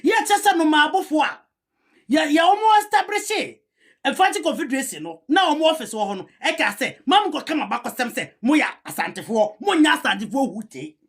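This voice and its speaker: A woman's voice: extremely high pitch, a bit bright. A woman with a Ghanaian accent giving heated commentary, rebutting a historian and switching between a local language and English. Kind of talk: argumentative commentary.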